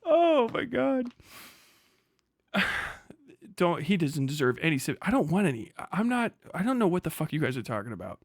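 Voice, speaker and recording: A man's voice: on the high side, big pitch swings, fast talker, hardly any pauses, dry recording, studio quality. A man streaming live, ranting bluntly and profanely in a heated reaction.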